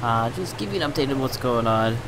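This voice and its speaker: Man, gaming commentary, mid-pitched voice, casual and chatty, exasperated, game noise behind him. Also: expressive, a little fast. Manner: chatty, exasperated, laughs at own bad luck. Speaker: gaming channel host.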